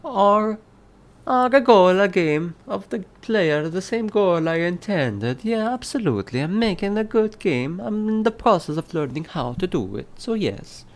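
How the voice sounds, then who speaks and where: A man's voice: huge pitch swings, moderate pace. A man putting on an exaggerated, jolly Italian-accented voice while reading game design questions aloud. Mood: hammy. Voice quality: high, stretched-out cartoonish accent.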